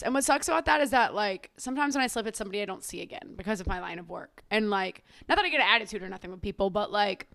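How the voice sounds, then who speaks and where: A woman's voice: a little high, a bit bright, dry recording, clean studio sound. A young adult woman hosting her own podcast, talking casually in a sassy, chatty way and swearing freely. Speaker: podcast host. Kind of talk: casual chat.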